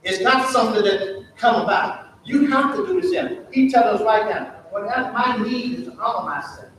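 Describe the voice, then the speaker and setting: A high-voiced man leads a Sunday school lesson in a preacherly call-and-response style, firing questions at his class. He is recorded from a distance in a church room that rings with heavy echo. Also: expressive, moderate pace, fairly bright tone, a little hiss or hum. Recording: very echoey church room from far off.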